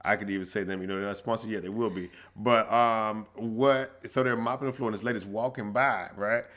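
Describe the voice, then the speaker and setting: Roześmiany mężczyzna, jasny głos. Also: male voice, on the low side, fairly quick. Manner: animated storyteller, laughs often. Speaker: podcast co-host. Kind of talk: casual chat.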